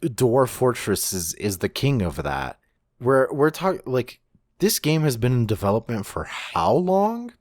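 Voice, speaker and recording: A man's voice: medium pitch, big pitch swings, unhurried, no echo, studio quality. A man co-hosting a podcast in casual chat, rambling with many restarts and the odd swear. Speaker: podcast co-host.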